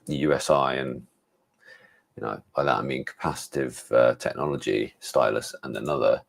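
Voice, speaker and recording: Bass-voiced and creaky, an English tech reviewer chats through a casual gadget livestream. He meanders, thinking aloud with plenty of fillers and repeated restarts.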